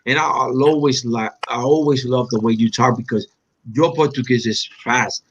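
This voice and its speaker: Animated storytelling man, slightly lo-fi. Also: normal speed, breathy edge. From Puerto Rico. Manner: animated storyteller, acts out quotes with sharp pitch jumps, non-native phrasing. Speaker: interview guest, black belt. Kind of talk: casual reminiscing interview.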